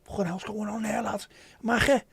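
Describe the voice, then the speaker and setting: A man with a Liverpool accent voicing a rough, aggressive young Liverpool lad who swears and threatens. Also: high voice, steady tone, moderate pace, fairly bright tone, no echo, voice pushed up, full character voice. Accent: Liverpool (Scouse).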